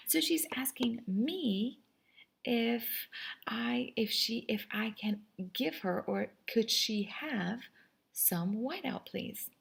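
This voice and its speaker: Upbeat chatty woman teacher, husky voice. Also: mid-range voice, unhurried. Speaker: French teacher. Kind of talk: recorded class lesson.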